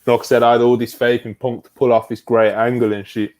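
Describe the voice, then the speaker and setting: A man co-hosting a podcast in casual chat, excitable, swearing freely and retelling events at length. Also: medium pitch, fast. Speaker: podcast co-host.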